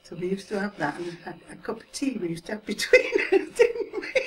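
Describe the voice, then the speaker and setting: A woman's voice: medium pitch, very animated, moderate pace. A woman in her seventies with a Mancunian accent, chatting and reminiscing with frequent laughs. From Manchester, England. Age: 70s. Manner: chatty, laughs often, trails off softly. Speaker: interviewee recalling her life. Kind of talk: casual reminiscing. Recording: distant mic, hissy home recording.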